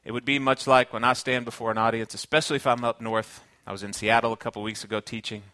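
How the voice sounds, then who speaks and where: A man's voice: mid-range voice, flat delivery, fast talker, pushed and bright, dry recording. A man from Kentucky with a Southern accent, preaching a sermon in an earnest, conversational way and weaving in personal stories. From Kentucky, United States. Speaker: pastor.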